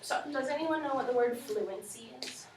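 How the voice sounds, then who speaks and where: A woman's voice: fairly high pitch, moderate pace. A woman teaching a class of children, asking questions and reading aloud to them. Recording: echoey room from far off, faint noise.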